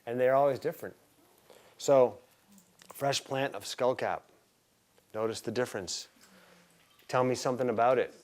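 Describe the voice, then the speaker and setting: A man's voice: mid-range voice, moderate pace, long pauses, darkish tone. A man teaching a live herbalism class, talking casually and with enthusiasm, and quizzing his students.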